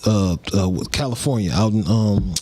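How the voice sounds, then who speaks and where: A man, a comedian guest on a podcast, telling personal stories in casual, lively chat. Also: lowish voice, moderate pace. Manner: animated storyteller, acts out phone call voices.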